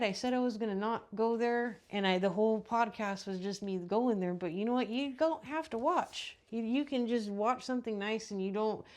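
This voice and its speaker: A woman's voice: mid-range voice, a little mellow. A woman hosting a podcast, giving a blunt, profane ranting monologue full of rhetorical questions. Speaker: podcast host.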